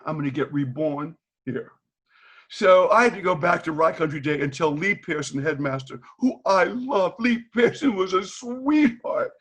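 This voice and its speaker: A man's voice: high voice, moderate pace, few pauses, slightly rough. An older man from Boston, a former teacher, telling stories on a video call and acting out the voices in them with frequent laughter. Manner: animated storyteller, acts out quoted dialogue, laughs often. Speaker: retired teacher, guest. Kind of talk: candid storytelling in a video call.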